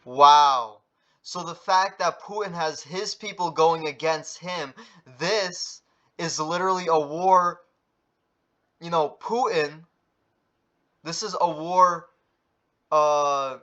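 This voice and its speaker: A man's voice: a little high, takes it slowly, pauses often, a bit bright. A man vlogging a casual news update, rambling with lots of fillers, swearing and tag questions, and reading headlines aloud. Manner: rambling, filler-heavy, swears, keeps asking "right?".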